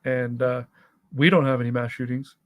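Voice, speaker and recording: A man's voice: medium pitch, steady tone, normal speed. A man with a Canadian accent, talking casually as a panelist on an online discussion, loose and chatty with lots of fillers.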